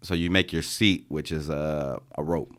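Deep-voiced man telling a profane story. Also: normal speed. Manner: profane, animated storyteller who acts out quoted sergeants. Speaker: podcast co-host, Army veteran. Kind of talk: casual storytelling among friends.

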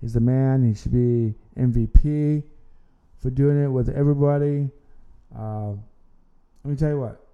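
A man's voice: mid-range voice, steady tone, a little slow, clean tone, phone-quality sound. A man hosting an amateur sports podcast, talking casually and rambling, often repeating words and restarting his sentences. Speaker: podcast host.

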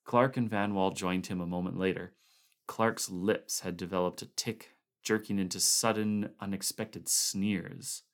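A man narrating a story aloud in a calm, even storytelling voice. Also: low-pitched, a little slow. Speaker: audiobook reader.

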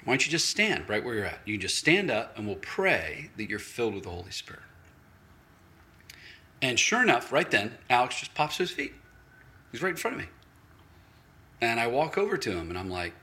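A man delivering a sermon in a relaxed, storytelling way, with a bright, clear voice. His pitch swings up and down a lot as he acts out both sides of a conversation, and he often breaks into small laughs. At times he drops to a near hush to make a point. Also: brisk, long pauses. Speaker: pastor, national director of a church movement.

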